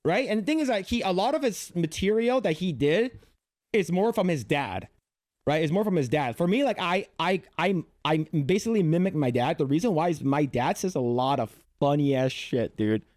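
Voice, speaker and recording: A man's voice: on the high side, animated, normal speed, darkish tone, no echo, clean studio sound. A man streaming casual reaction commentary, rambling and repeating himself as he talks. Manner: rambling, repeats words, frequent laughs.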